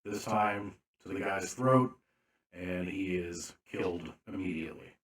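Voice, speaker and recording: A man narrating a tabletop game as game master, slow and deliberate with frequent fillers. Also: low voice, a bit bright, echoey room.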